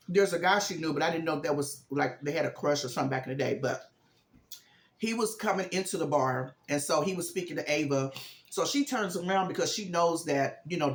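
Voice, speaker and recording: A man's voice: a little high, roomy sound. A man vlogging a casual, rambling retelling of a movie plot, chatting like a storyteller.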